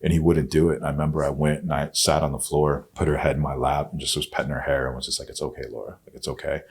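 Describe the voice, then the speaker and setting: Interviewed on a podcast, a man with an extremely low, flat voice races through a personal story, cursing often and speaking bluntly. He turns quiet and hushed whenever he repeats his own words.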